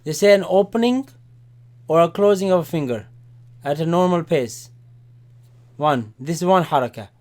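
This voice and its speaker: A man's voice: fairly high pitch, lively intonation. A man teaching a Quran class, explaining vowels step by step and checking in with his students. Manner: repeats Arabic words slowly and loudly, checks in with "right?". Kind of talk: classroom Arabic lesson.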